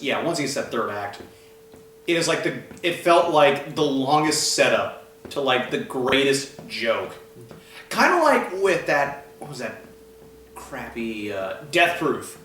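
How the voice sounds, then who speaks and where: Animated man in echoey room with hum. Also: medium pitch, a little slow, far from the mic. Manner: animated, laughs loudly. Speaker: movie reviewer. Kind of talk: casual chat.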